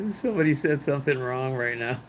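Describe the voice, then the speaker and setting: A man's voice: mid-range voice, lively intonation, normal speed, a little hiss or hum, poor audio. A man, hosting a casual livestream from a hotel room. He chats with viewers, reads their comments aloud, laughs often and mixes in bits of Spanish. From Los Angeles, United States. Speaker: livestream host. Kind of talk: casual live-stream chat reading viewer comments.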